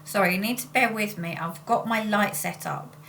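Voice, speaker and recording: A woman's voice: medium pitch, normal speed, vocal fry, a bit bright, slight background noise. Rambling woman vlogging. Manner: rambling and self-interrupting. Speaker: spiritual channeler and vlogger. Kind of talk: casual chat.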